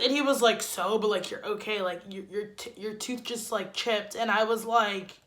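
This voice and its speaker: A woman's voice: medium pitch, normal speed. A young woman vlogger telling a story-time anecdote in a casual, dramatic way, full of "like.". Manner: animated, dramatic, heavy use of "like".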